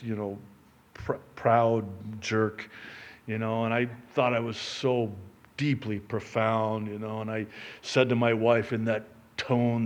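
A middle-aged man preaching a sermon, moving between loud emphatic lines and quiet asides. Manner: animated, swings from loud preaching to low asides. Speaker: pastor.

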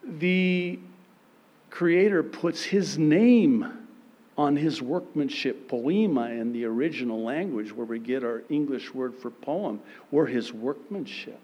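A man preaching a sermon, theatrical and playful, acting out little scenes with sudden loud bursts and laughter. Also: on the high side, takes it slowly, lo-fi sound.

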